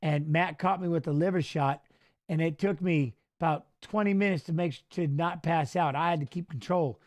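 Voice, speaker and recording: At a moderate pace and with a slightly high voice, a middle-aged man who used to fight commentates as a guest during a relaxed fight watch-along. His stories are loose and rambling, full of restarts.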